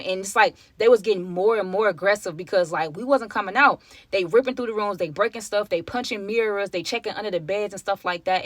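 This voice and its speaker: A woman's voice: mid-range voice, a bit bright, dry recording. A young woman telling a personal story to her viewers in a casual, chatty way, often calling them y'all. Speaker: storytime vlogger.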